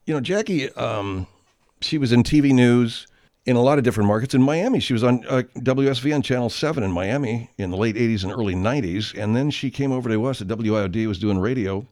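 A man's voice: medium pitch, fast, darkish tone. A male radio show host in casual, profane chat who rambles and laughs easily.

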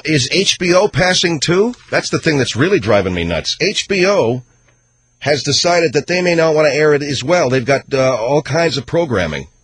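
A male talk radio host rants his opinions with heavy sarcasm. He keeps shifting between booming outbursts and low, muttered asides.

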